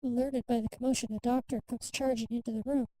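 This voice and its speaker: Woman reading a story in a mellow voice. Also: a little high, steady tone, fast, a little hiss or hum, low-quality recording. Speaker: streamer. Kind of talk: reading a game story aloud.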